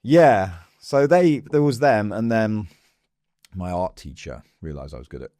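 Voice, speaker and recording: A man from England, a guest in a casual interview, telling stories in a lively way and acting out the voices of people he quotes. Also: fairly low pitch, unhurried, no echo, clean studio sound. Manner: lively storyteller who acts out quoted voices. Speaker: podcast guest.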